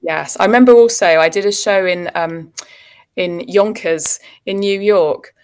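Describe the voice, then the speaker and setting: A woman's voice: mid-range voice, a little slow, a little mellow, clear, resonant tone. A woman, an actor chatting as a guest and telling anecdotes with frequent ums and laughs. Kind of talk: casual interview chat.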